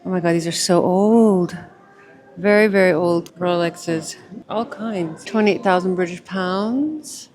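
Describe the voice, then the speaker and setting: A woman's voice: fairly low pitch, slow, a little mellow. Chatty woman vlogging on the go. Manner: chatty, effusive, calls viewers darling. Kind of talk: casual vlog narration to camera. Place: walking around city streets and shops.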